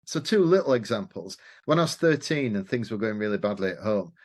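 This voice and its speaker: A man's voice: fairly low pitch, a little fast. A middle-aged man, a podcast guest telling stories in casual conversation and acting out the dialogue he quotes. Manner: animated, acts out quoted dialogue, swears casually. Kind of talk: conversational storytelling.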